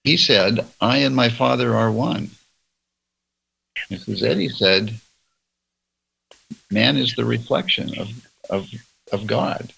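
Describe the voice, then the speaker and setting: A man leading a church roundtable, reading religious passages aloud in a slow, measured way. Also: medium pitch, creaky, sharp tone, breathy edge, poor audio. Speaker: church discussion leader. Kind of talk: reading and discussing religious texts.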